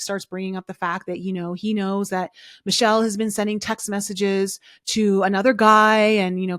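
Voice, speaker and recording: A woman's voice: mid-range voice, no room sound, studio quality. A woman hosting a podcast, giving a casual, opinionated recap of a reality show, talking chattily with lots of fillers. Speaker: podcast host.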